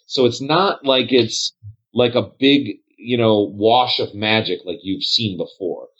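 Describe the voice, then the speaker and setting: A man narrating as game master in a tabletop role-play game, rambling and pausing to search for words. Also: mid-range voice, a bit bright, breathy edge. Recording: dull lo-fi sound.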